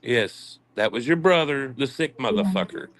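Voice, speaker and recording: A man hosts a heated stream, answering clips with open scorn and a steady stream of profanity. His voice sits at an ordinary middle pitch. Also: normal speed. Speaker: livestream commentator. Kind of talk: heated commentary on played clips.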